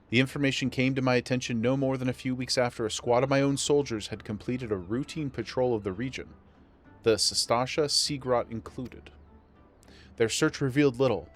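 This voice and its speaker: A man voicing a formal male naval commander, reading game dialogue in a measured, quiet way. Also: medium pitch, lightly acted.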